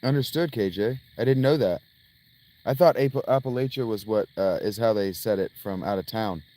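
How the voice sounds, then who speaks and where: A man's voice: fairly low pitch, normal speed, warm tone. An American man streaming a game, rambling and joking casually with his chat. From United States. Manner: rambling, jokey, talks to chat. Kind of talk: casual gameplay commentary.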